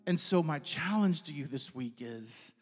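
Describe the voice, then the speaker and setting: A man in his fifties speaks in a fairly high voice, giving a chatty sermon in a church with music playing behind him. He acts out little conversations in his head with animated voices, then moves into a heartfelt prayer. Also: unhurried. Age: 50s. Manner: conversational, plays out inner dialogues in lively voices.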